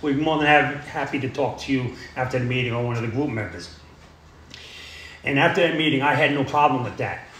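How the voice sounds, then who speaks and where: A man's voice: medium pitch, brisk, fairly bright tone, a little hiss or hum. A middle-aged man telling his recovery story in a plain, rambling way, full of "you know" and "uh". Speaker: AA speaker sharing his story. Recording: echoey room.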